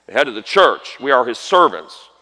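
A man preaching a sermon as a guest preacher, animated and folksy, trading call-and-response with the congregation and swinging between quiet asides and shouted exhortations. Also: medium pitch, moderate pace. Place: large church hall. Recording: reverberant church hall.

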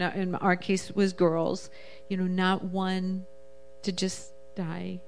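Her voice is on the low side and darkish in tone, with a little hiss or hum. She's a middle-aged guest from a Jewish family giving her testimony, rambling emotionally and casually through a personal story while performing the voices of those she quotes.

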